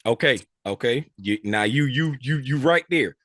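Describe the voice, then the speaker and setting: A man's voice: medium pitch, normal speed, fairly bright tone, dry recording. A man teaching a live class, quizzing students and repeating key points with frequent tag questions. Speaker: trading instructor.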